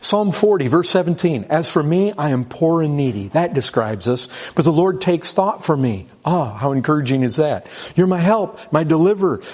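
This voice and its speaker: A middle-aged man gives a sermon in a voice pitched a bit high for a man. He talks it through in a loose, conversational way, often restarting and repeating words. When he reads scripture aloud he presses it with rising urgency. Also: lively intonation, normal speed, hardly any pauses. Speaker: pastor.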